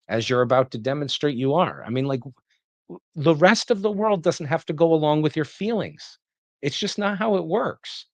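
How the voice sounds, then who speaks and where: A man's voice: a little high, expressive, normal speed, no echo. A man giving reaction commentary, sarcastic and indignant as he rants.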